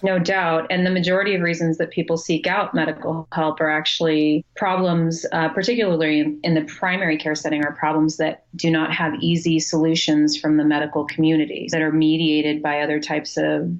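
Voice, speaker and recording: Woman, psychologist guest, measured and articulate, very low pitch, muffled sound. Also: level tone. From Wisconsin. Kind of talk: interview answers.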